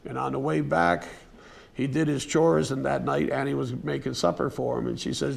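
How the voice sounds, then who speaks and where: A man giving a casual, unscripted museum lecture, telling a story in a folksy way with fillers and restarts and now and then clearing his throat. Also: medium pitch, little pitch movement, a little fast. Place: museum presentation room.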